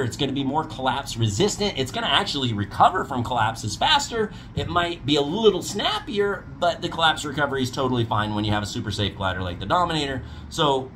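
Blunt ranting man, lively pitch. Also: a little hiss or hum. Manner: blunt, combative, mocking. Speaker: paramotor dealer and instructor. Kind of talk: ranting commentary video.

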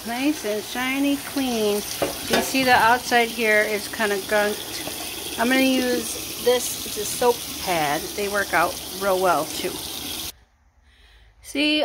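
A woman narrates her kitchen chores in an easygoing, chatty way, full of fillers and little asides. She speaks slowly and takes her time. A faint background hum sits under her voice, which sometimes drifts farther from the mic. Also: fairly high pitch. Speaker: vlogger. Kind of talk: casual home vlog narration. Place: home kitchen.

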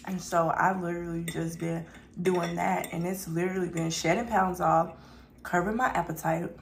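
A young woman talks casually to her viewers while she eats on camera, calling them y'all and pausing for the odd burp. Her voice sits a little low, with a gravelly, fried edge. A faint hum of room noise runs behind her. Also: steady tone. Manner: chatty, talks to viewers as y'all, burps between bites. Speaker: mukbang vlogger. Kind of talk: casual chat while eating.

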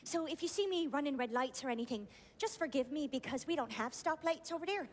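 A woman's voice: high-pitched, lively intonation, fairly quick, a little hiss or hum. An actress playing a nervous young TV reporter on her first day, eager and apologetic, in a musical cast recording.

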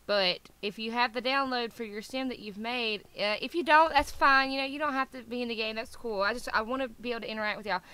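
A young woman giving excitable, chatty commentary while playing a game, squealing and talking to the animals. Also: fairly high pitch, fast talker, hardly any pauses, smooth. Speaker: gaming YouTuber. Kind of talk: casual gameplay commentary.

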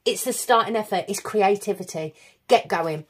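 A woman's voice: medium pitch, moderate pace, slightly rough. A woman giving a tarot reading to her viewers, effusive, encouraging and openly emotional. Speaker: tarot reader.

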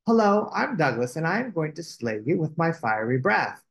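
Soft-hearted storybook dragon, high and earnest, a man reading it for kids. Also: big pitch swings, normal speed, gravelly. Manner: earnest, apologetic. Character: gentle, timid young male dragon.

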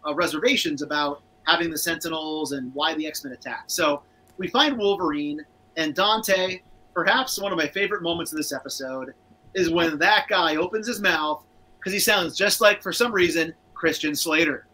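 A man's voice: fairly high pitch, normal speed, sharp tone, a little hiss or hum, low-quality recording. A man co-hosting a casual cartoon rewatch show, chatting and reading out viewer comments. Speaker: podcast co-host.

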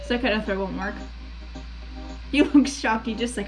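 Excitable woman gamer. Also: fairly high pitch, moderate pace, pauses often, soft background music, rough recording. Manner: excitable, gushing, playful. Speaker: gamer playing through a game. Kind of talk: let's play commentary, reading dialogue aloud.

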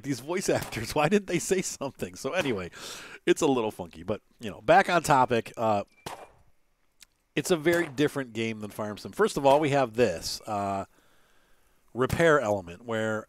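A man's voice: a little high, a little hiss or hum. Rambling man talking over gameplay. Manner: rambling, thinking aloud with many fillers; chuckles between remarks. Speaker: gaming channel host. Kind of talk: casual gameplay commentary.

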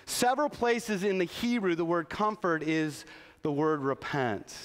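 A middle-aged pastor with a high, slightly bright voice delivers an earnest sermon, repeatedly restarting his phrases. He's in a large church sanctuary, and the audio has the long reverb of a church hall.

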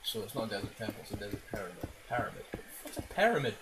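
A man's voice: lowish voice, animated, rapid-fire. A man giving rambling, self-mocking gameplay commentary, swearing often and making silly noises. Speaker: game commentator. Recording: loud background noise.

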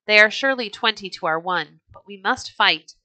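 Rich: A stern, bold Norse chief gives orders firmly, as a woman reads him aloud from a storybook. The voice is bright and close, with a dry sound. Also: medium pitch, moderate pace, no echo.

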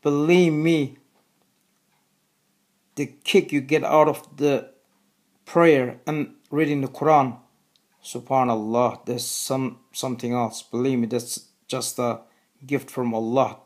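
A man with a Turkish accent, a native Turkish speaker, talking earnestly to the camera in a video, repeating his phrases slowly and deliberately. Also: medium pitch, fairly even intonation. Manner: earnest, repetitive, slow and deliberate. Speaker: video host. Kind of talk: religious appeal to camera.

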